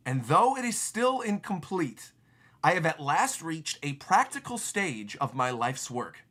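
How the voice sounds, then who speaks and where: Picture a solemn elderly genius confessing his guilt, each word slow and deliberate. A man voices him in a bright voice that still rises and falls. He sounds remorseful but dignified. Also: fairly high pitch, big pitch swings, heavily acted. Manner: slow, solemn reading of dialogue. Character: elderly male genius scientist, grave and remorseful.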